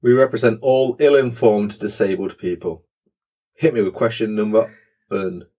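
Young guy cohost, dry sarcastic humor, lowish husky voice. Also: steady tone, normal speed, dark tone. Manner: dry, sarcastic, swears casually. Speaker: podcast co-host. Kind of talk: casual chat.

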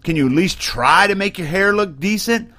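A man's voice: high voice, expressive, normal speed, bright, forceful tone. Blunt, worked-up man ranting on a podcast. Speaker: podcast host, Army sergeant. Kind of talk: opinion podcast rant. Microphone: webcam and computer mic.

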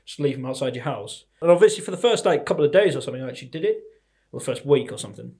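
A man's voice: mid-range voice, animated, racing, gravelly, mellow. A man from North East England chatting casually, backing the other speaker up with plenty of fillers. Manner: chatty, many fillers and affirmations. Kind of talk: casual storytelling chat.

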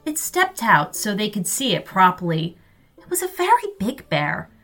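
A woman narrating a children's story in an expressive way. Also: medium pitch, moderate pace. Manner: expressive and lively.

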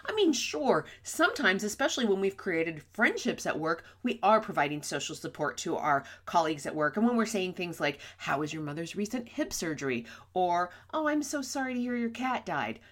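A middle-aged woman hosts her own podcast, explaining ideas with emphatic, animated delivery. Her voice sits fairly low, yet it swings widely in pitch as she stresses points. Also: moderate pace, hardly any pauses. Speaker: podcast host. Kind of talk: podcast teaching on workplace communication.

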